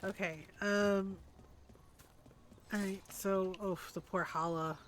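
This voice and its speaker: Slow, sleepy woman streamer. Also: medium pitch, fairly even intonation, a little hiss or hum. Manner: unhurried, thinks aloud with fillers. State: sleepy, yawning. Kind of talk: casual gameplay commentary.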